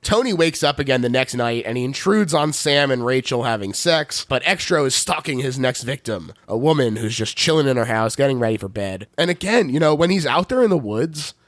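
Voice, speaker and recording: A podcast host with a Philadelphia accent recaps a horror film, laughing often, swearing, and keeping the chat playful and casual. His medium-pitched voice is animated, fairly bright, and a little fast with hardly any pauses. The studio-quality recording has no echo.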